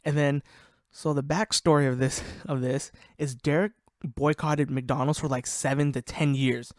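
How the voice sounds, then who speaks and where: A young man hosts a podcast, swearing freely and laughing as he tells animated, casual stories about his friends. His voice is a little high and his pace measured. The sound is clean studio quality with no echo.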